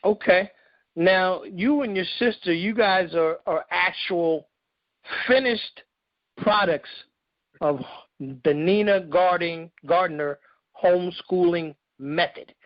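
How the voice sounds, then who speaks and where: A man hosts a casual interview with a high-pitched voice and a teasing, joking manner. His speech is loose and full of slang. The audio is dry and a little dull, like a lo-fi call. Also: slow, no echo. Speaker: interview host.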